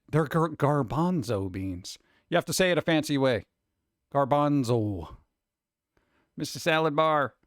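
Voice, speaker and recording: Male stream host, casual and self-mocking chat; smooth, dry close-mic sound. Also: a little high, a bit bright, no echo. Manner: rambling, joking, self-deprecating. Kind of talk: casual chat reading viewer comments.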